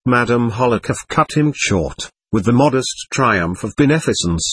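A man narrating a classic novel as an audiobook, in a measured, expressive reading. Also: mid-range voice, husky, no room sound.

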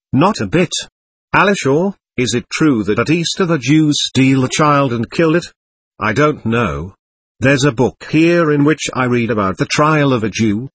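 A man voicing an excitable, capricious teenage girl, talking intensely and darting between teasing and pleading. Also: medium pitch, slightly rough, no room sound, exaggerated voice.

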